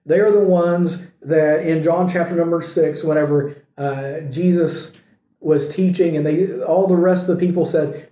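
A man's voice: fairly high pitch, fairly even intonation, normal speed, mellow. A man preaching a conversational sermon, retelling a story and asking his listeners questions. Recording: echoey room.

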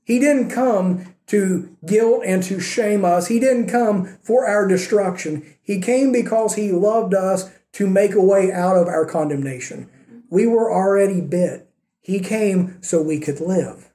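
A man's voice: high voice, measured pace, mellow. A man preaching a sermon as a pastor, earnest and full of rhetorical questions and repeated phrases. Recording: roomy echo.

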